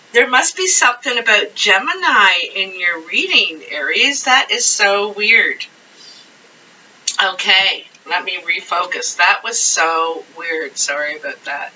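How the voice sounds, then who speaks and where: A woman talks through a tarot reading at a slow, meandering pace, full of ums and asides. Her voice sits fairly low but has a bright, forceful edge. She is recorded from some distance on dull, lo-fi audio. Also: animated, a little hiss or hum. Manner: slow, rambling, chatty, with frequent fillers. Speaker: tarot reader. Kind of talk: casual tarot reading to camera.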